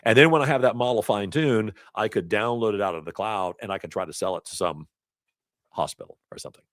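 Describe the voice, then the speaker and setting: Low-voiced man teaching a class. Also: fast, dry recording, studio quality. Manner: chatty, storytelling asides with laughs. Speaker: instructor. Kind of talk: casual lecture. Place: classroom or event hall.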